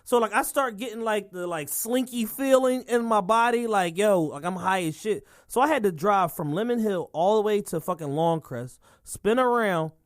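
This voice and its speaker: A man's voice: high-pitched, animated, moderate pace, hardly any pauses, no room sound, studio quality. A young man, telling stories on a casual podcast, laid-back with lots of filler words and swearing. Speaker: podcast co-host. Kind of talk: casual chat, storytelling.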